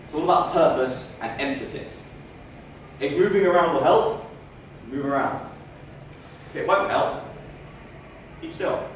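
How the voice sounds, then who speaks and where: A man giving a public speaking training speech on a stage, with wry asides. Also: on the high side. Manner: demonstrates loud, soft, slow and fast delivery. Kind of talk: training speech to a live audience. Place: stage in a hall. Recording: echoey room, mic far off, faint noise.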